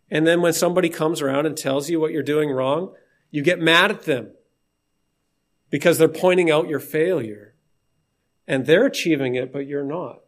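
A man preaching an informal sermon in a conversational, emphatic way. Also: a little high.

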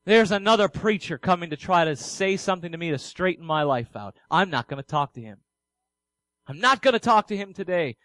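A preacher acting out a sullen young man on death row, brushing off every visitor in a high, bright voice. The sound is close and dry, with no room around it. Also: animated, a little fast, dry recording. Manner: curt, dismissive, then despairing.

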